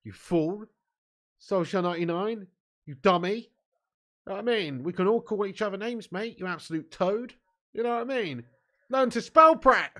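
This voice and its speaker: Chatty lad, laughing. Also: male voice, high-pitched, moderate pace. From southern England. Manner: banters with chat, laughs often, swears, calls everyone mate. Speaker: fan channel host. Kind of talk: live match watch-along chat.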